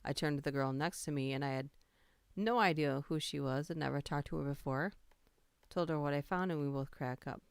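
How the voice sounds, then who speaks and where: Smooth-voiced woman reading stories on stream. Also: deep voice, a little fast, dry recording. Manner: reads funny stories aloud, laughs and greets chat. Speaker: livestream host reading stories aloud. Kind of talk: casual livestream storytelling and chat.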